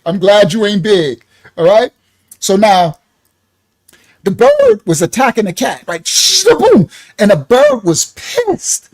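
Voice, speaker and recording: A man's voice: sits high, huge pitch swings, slow pace, darkish tone. A man preaching casually, telling a story in slangy street talk, laughing often and swinging his voice up and down.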